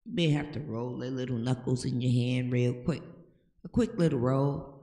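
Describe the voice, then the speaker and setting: Speaking at a moderate pace in a warm, rumbling low voice, an older woman gives casual advice to camera as host of a home-remedy talk. She's emphatic and preachy, often checking in with "okay?", and the echoey room adds a long reverb.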